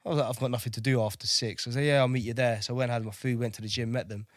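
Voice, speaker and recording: A man's voice: medium pitch, steady tone, rapid-fire, dry recording, clean studio sound. A man in his thirties, a navy veteran from Kosovo, telling war stories as a podcast guest in a chatty way, swearing freely and repeating words as he goes. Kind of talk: casual interview storytelling.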